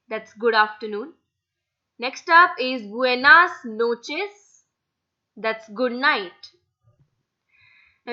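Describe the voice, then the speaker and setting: Woman, young adult, language tutor, patient, spells letters out, unhurried delivery, high voice. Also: sharp tone, highs cut off. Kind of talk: slide-based language lesson.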